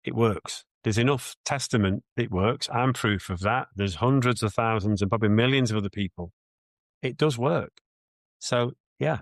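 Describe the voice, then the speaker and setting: Earnest low-voiced British man, dry sound. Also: no room sound. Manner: earnest, reflective, with restarts. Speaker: mindset coach. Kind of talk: podcast interview answers.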